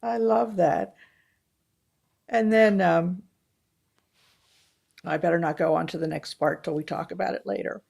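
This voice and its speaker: A woman co-hosting a casual film review chat, retelling movie scenes with animated storytelling. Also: fairly low pitch, measured pace, creaky, long pauses, husky. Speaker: podcast co-host.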